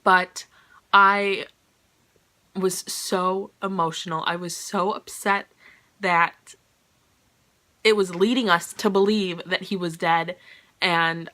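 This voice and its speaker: A woman's voice: on the low side, fairly even intonation, takes it slowly, long pauses, pushed and bright. A woman giving a casual, chatty book review, gushing and scattered with "like" and "you know".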